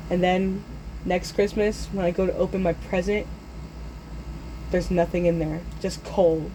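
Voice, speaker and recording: Animated teenage boy telling a story. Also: high-pitched, a little slow, slight background noise, low-quality recording. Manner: animated, jumps into yelled character voices. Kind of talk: casual storytelling video.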